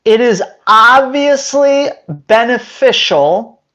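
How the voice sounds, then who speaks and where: A man's voice: very high-pitched, lively intonation, slow, bright, forceful tone. A man giving blunt, emphatic dog-training advice straight to the viewer. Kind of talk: instructional talk to camera. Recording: slightly dull lo-fi sound.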